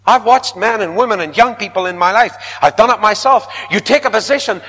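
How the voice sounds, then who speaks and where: Male preacher, bright and emphatic, recorded with long hall reverb. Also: sits high, expressive, normal speed, hardly any pauses. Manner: emphatic, rising to loud repeated protests. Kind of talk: sermon.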